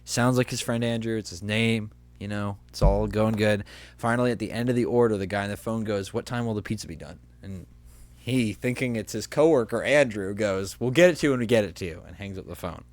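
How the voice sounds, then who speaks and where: A young man with a lowish voice co-hosts a casual podcast, talking a little fast in a dry, echo-free recording. He tells a work story with animated energy, acting out the voices of the people in it.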